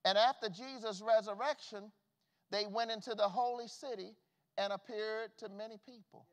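High-voiced preaching man in a reverberant hall. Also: fairly even intonation, moderate pace. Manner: preaching with big swings from shouts to hushed tones. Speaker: pastor. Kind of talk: sermon. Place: church sanctuary. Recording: long reverb of a church hall.

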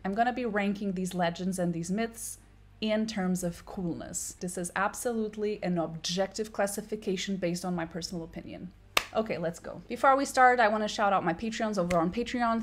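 A woman marine biologist hosting a casual vlog, talking in a playful, self-mocking way with small laughs. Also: medium pitch. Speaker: marine biologist and video host.

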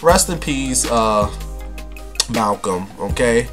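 A man's voice: medium pitch, lively intonation, slow pace, a bit bright, soft background music. A man hosting a casual celebrity gossip vlog, talking in a sassy, flamboyant, camp way and calling his viewers honey and baby. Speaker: vlogger.

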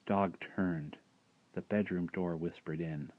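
A man giving an expressive, dramatic story reading that drops to a hush at dark moments. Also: low voice, slow, slight background noise. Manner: expressive, dropping to hushed tones at dark moments. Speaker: reader. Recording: dull lo-fi dry recording.

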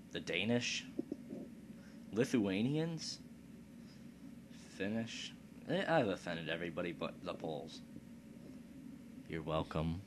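A man with a very low voice talks slowly through a strategy game, tossing off crude, profane jokes as he plays. A steady hiss of background noise runs under his voice. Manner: crude, profane, joking asides. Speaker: let's play commentator. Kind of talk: casual gameplay commentary.

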